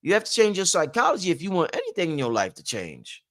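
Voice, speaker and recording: A man's voice: high-pitched, huge pitch swings, fast talker, a bit bright. A man hosting a casual livestream who gives rambling, preachy motivational talk and repeats his points for emphasis. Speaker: livestream host.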